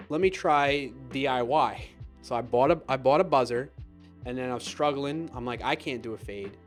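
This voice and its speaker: A man's voice: medium pitch, fairly bright tone. A man hosting a live stream, chatting casually, reading viewer comments aloud and laughing at himself. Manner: chatty and self-deprecating, laughs often.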